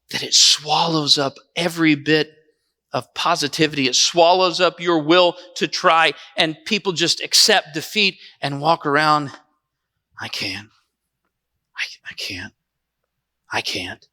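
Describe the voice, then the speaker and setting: A man preaching from the sanctuary tells a first-person, theatrical version of the story, now animated, now softly subdued. His pitch sits a little high, and the church hall echoes noticeably.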